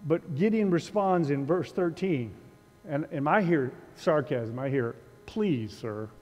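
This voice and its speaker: A man's voice: a little high, measured pace, darkish tone, big-room sound. Man preaching with dry sarcastic wit. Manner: conversational, dryly humorous, sarcastic wit. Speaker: pastor. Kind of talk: sermon. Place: church sanctuary.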